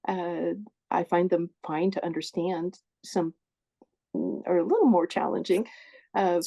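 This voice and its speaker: This woman has a warm, lowish voice. She presents a support group session on a video call, speaking informally, with frequent self-corrections and apologies, through earbuds connected to her phone.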